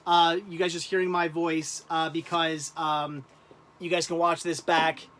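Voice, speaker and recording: A man hosting a casual livestream, talking in halting, rambling bursts and laughing often. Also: fairly high pitch, level tone, fairly bright tone. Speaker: livestream host.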